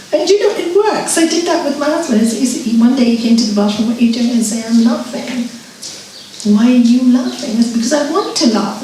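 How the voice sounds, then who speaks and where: Lively woman teaching in an echoey hall. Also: fairly high pitch, slight background noise. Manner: lively, laughing, repeats key advice. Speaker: yoga and spiritual teacher. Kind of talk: Q&A talk to an audience. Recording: echoey hall, voice from far off, faint ambience.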